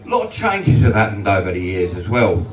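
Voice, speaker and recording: A man's voice: brisk, some chatter behind. A man doing a brash, sweary stand-up set in a small club. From England. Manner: brash and sweary, with lively swings in pitch. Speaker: stand-up comedian. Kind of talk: stand-up set with crowd laughter. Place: small club function room. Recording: roomy club sound from a distance.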